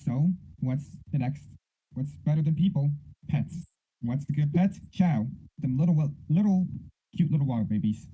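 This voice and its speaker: A man's voice: a little high, moderate pace, dark tone, rough recording. A man in his early twenties co-hosting a casual podcast, rambling and jokey. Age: early 20s. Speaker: podcast co-host.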